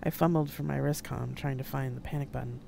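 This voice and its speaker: An author reading their own novel aloud in first person on a live stream, with an expressive, dramatic delivery. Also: medium pitch, fast talker, creaky, background noise. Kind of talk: first-person audiobook narration read live. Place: home streaming setup.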